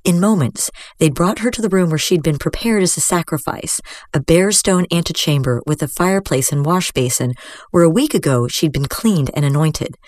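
A woman reading a fantasy story aloud in a steady, measured manner into a close mic. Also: low voice, no echo. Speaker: story reader. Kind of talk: scripted story narration.

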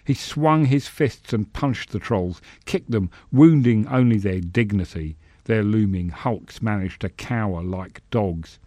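A man reading a fantasy story aloud in measured, expressive narration. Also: lowish voice, no room sound. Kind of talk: scripted narration.

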